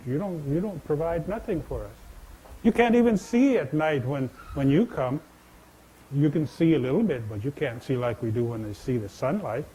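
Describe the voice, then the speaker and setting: A man voicing a quick-tempered male frog who hollers back defiantly in a storytelling talk. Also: on the high side, expressive, mellow, breathy edge, rough recording. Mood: defiant scolding.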